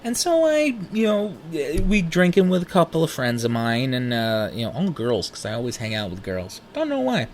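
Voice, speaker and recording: A man's voice: mid-range voice, normal speed, few pauses, slight background noise. A young man telling a personal story in a candid, profane, casual way. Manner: candid, profane, animated retelling. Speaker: podcast host.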